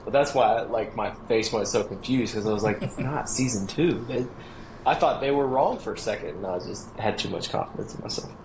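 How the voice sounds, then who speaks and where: A man's voice: lowish voice, brisk, background noise. Hesitant male co-host in an echoey room. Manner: hesitant, self-mocking. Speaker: podcast co-host. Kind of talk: casual chat.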